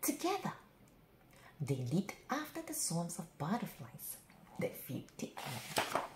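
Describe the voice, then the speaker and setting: A woman reading a children's bedtime story aloud in an expressive, sing-song way. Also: lowish voice, takes it slowly, reverberant, a little hiss or hum, low-quality recording.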